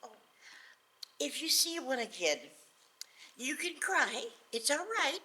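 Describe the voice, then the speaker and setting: A tired but patient mother explains things to her foolish son slowly and simply, as a woman storyteller plays her. Her voice sits fairly high and stays gentle and deliberate. She sounds like a figure from a spoken folk tale. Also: very animated, slight background noise, exaggerated voice, rough recording.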